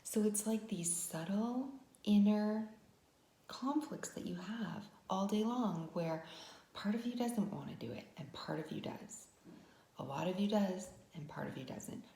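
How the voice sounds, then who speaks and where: A woman's voice: mid-range voice, lively intonation, measured pace, warm tone, reverberant. A woman vlogger telling a personal story as a lesson, talking conversationally with frequent "right?" asides. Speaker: wellness vlogger.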